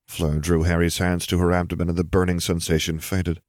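Male narrator, low voice, steady measured storytelling; dry, close audiobook read. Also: dry recording. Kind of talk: audiobook reading of fan fiction.

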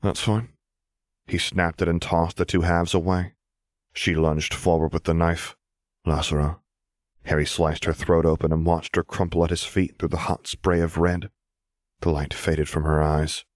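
A man narrating fiction as an audiobook reader in a steady, even storytelling manner. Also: low voice, normal speed, no room sound, studio quality.

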